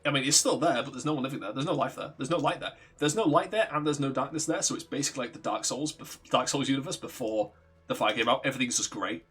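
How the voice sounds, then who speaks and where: A man's voice: medium pitch, fast talker, a bit bright, husky, soft background music. A man streaming a video game, chatting loosely and swearing freely as he rambles and corrects himself. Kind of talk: casual chat while playing a game.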